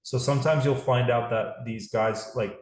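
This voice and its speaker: A man's voice: mid-range voice, steady tone, normal speed, darkish tone, roomy sound, rough recording. A man hosting a live call series, talking in a rambling, casual way with many restarts. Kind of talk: casual livestream talk.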